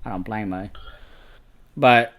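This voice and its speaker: A man's voice: on the low side, takes it slowly, a bit bright. Blunt, swearing young man chatting. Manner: blunt, swears freely, indignant storytelling. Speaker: podcast co-host. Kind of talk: casual chat.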